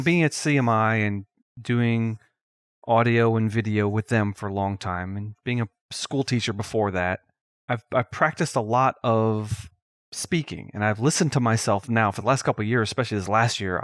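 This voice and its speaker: A man's voice: fairly low pitch, no echo, clean studio sound. A middle-aged podcast co-host with a slight lisp, talking unscripted and stopping often to find his next words. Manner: thinks aloud, pauses often mid-sentence. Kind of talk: casual unscripted chat.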